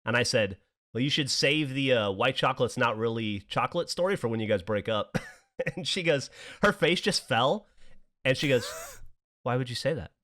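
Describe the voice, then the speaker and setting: A man's voice: medium pitch, animated, normal speed, fairly bright tone. A man hosting a podcast, telling a rambling story with frequent laughs and swearing. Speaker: podcast host. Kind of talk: casual podcast chat.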